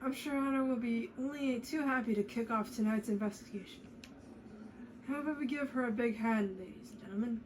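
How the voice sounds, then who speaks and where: A woman's voice: a little high, a little fast, noisy background, natural voice. A woman voicing a smug, needling man with a drunken slur as she reads a mystery game aloud. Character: smug tipsy-sounding man, needling host.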